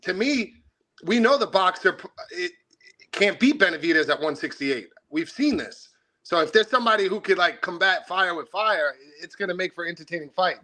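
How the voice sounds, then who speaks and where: A man calling in to chat about boxing, his voice high and bright with a sharp edge. He reasons through matchups at length in loose, relaxed slang. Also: a little fast. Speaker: caller. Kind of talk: casual call-in chat.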